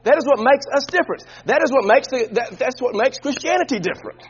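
A male preacher with a very high, husky voice, leading his congregation through scripture in call-and-response. He moves between quiet, conversational asides and loud, shouted emphasis. The recording is muffled and dull. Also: animated, quick pace, few pauses. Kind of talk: sermon.

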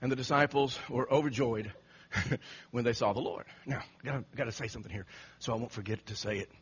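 A man preaching an animated sermon, telling the story dramatically and acting out the quotes with frequent laughter. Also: medium pitch, fast talker, slightly rough. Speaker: pastor. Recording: muffled lo-fi recording.

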